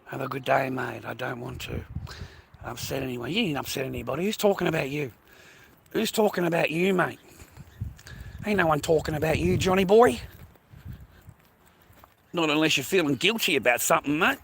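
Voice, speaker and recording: A man livestreaming, ranting angrily at his viewers, swearing a lot and repeating himself, sometimes dropping to a low quiet menace. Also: moderate pace, gravelly, pauses often, a little hiss or hum. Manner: swears constantly, repeats phrases, berates viewers; drops low and quiet when threatening. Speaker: livestreamer talking to his chat. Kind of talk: angry rant to chat.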